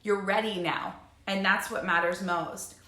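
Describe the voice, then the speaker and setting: A woman's voice: medium pitch, fairly even intonation, a little slow, pushed and bright. A woman talking in a casual live stream as a life coach, bubbly and chatty with lots of fillers. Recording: echoey room.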